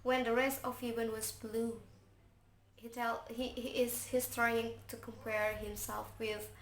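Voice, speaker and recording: A woman's voice: on the high side, little pitch movement, unhurried. A young woman student presenting a poem analysis for an assignment, talking hesitantly with many fillers and restarts, her first language Indonesian. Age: young adult. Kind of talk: informal recorded poem analysis. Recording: faint background noise.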